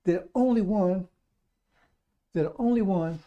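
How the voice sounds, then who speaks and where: A man's voice: sits high, measured pace, muffled recording. A man preaching a radio sermon, repeating himself emphatically and calling out to his brothers and sisters. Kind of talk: live-streamed radio sermon.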